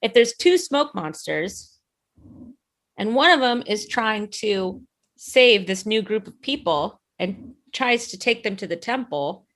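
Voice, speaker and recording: A woman co-hosting a podcast in relaxed, casual chat. Her voice sits in an ordinary middle range. She sounds playful and teasing as she runs with wild theories. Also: medium pitch. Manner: playful, quick to laugh, teasing. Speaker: podcast co-host.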